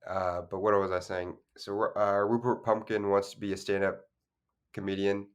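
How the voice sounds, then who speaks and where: A man with a very low, deep voice talks casually through a film's plot on a podcast. He rambles and backtracks, stacking fillers and self-corrections as he goes. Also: level tone, normal speed, smooth. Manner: loose, rambling, many fillers and restarts. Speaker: podcast co-host. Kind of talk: casual film discussion.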